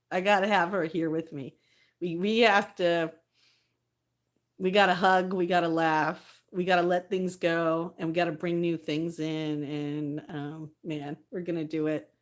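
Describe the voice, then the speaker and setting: A woman's voice: lowish voice, fairly bright tone. Chatty, laughing woman live-streaming. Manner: chatty, laughs often, reads viewer comments aloud. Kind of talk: casual live-stream chat.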